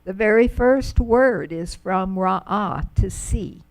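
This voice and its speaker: Slow, gravelly-voiced woman teaching Hebrew. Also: medium pitch. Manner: patient, drawn-out pronunciation of words. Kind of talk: slow, careful classroom explanation.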